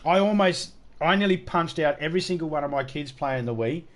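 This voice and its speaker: A middle-aged man chats casually during a game stream, joking, swearing freely, and rambling through anecdotes. His voice is a little high and fairly quick.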